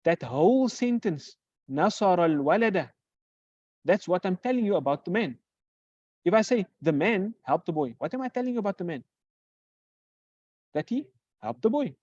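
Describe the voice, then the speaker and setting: A teacher giving a grammar lesson who poses questions and answers them, repeating example phrases slowly. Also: mid-range voice, big pitch swings, darkish tone, dry recording. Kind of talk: classroom lecture. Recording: dull lo-fi recording.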